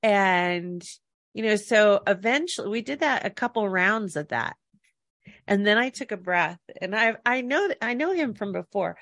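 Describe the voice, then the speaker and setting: A woman's voice: medium pitch, animated, moderate pace, a bit bright, no room sound. Woman telling a rambling story, dry sound. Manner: rambling anecdotes with self-corrections. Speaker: podcast co-host. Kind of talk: casual storytelling chat.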